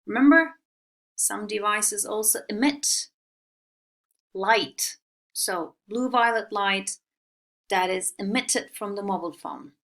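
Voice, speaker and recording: A woman teaching English vocabulary in a recorded online lesson, speaking clearly and drilling pronunciation. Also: mid-range voice, slow, long pauses, fairly bright tone.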